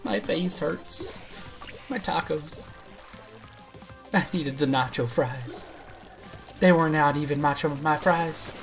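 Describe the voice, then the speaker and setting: A man streaming a game live, rambling goofily to his viewers and yelping excitedly whenever he gets hit. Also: a little high, takes it slowly, gravelly, long pauses, soft background music. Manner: rambling, goofy and excitable, yelps when hit; chats with viewers. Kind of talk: live gameplay commentary.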